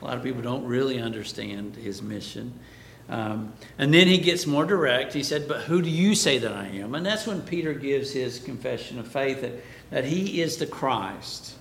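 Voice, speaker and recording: A man's voice: animated, moderate pace, vocal fry, a bit bright. A man preaching a Bible class sermon, who asks the class questions and then answers them himself. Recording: echoey room, faint background rumble.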